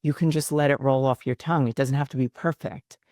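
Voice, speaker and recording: A woman hosting a self-help podcast, earnestly encouraging listeners and reciting slow, deliberate affirmations one by one. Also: very deep voice, fairly even intonation, mellow, dry recording, studio quality. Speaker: podcast host. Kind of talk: motivational self-help talk.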